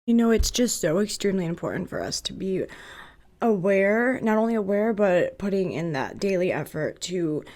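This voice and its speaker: A woman's voice: medium pitch, big pitch swings, moderate pace, darkish tone. A woman hosting a casual podcast conversation, blunt and emphatic with casual swearing. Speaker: podcast host.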